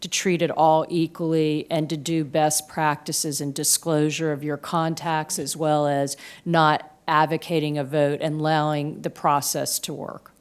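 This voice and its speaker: Staff woman, low-pitched, procedural explainer at a county board meeting. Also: flat delivery, measured pace, few pauses, clear, resonant tone. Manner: explanatory, procedural, many fillers. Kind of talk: formal briefing to a board. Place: county commission meeting room.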